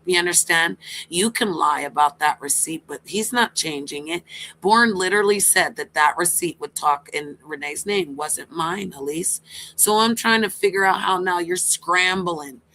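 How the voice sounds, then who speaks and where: A woman's voice: on the low side, moderate pace, vocal fry, pushed and bright, a little hiss or hum, rough recording. A woman doing livestream commentary, taunting and mocking a rival with sarcasm and swearing. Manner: talks to a rival by name.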